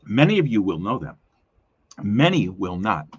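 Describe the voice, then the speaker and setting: A man's voice: fairly low pitch, big pitch swings, normal speed, slightly rough, muffled recording. A man hosting a casual live stream, chatting in a rambling, self-correcting way with lots of fillers. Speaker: host of a weekly live community show.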